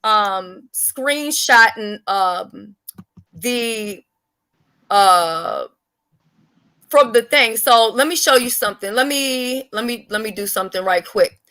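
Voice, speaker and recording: A woman hosting a casual live-stream chat, blunt, profane and animated. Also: fairly high pitch, takes it slowly. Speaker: livestream host.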